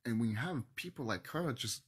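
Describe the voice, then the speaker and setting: A man ranting in a passionate monologue to camera, swinging between loud outbursts and hushed near-whispers, emotional and swearing. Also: mid-range voice, lively intonation, brisk, breathy edge. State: emotional, teary. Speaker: video host.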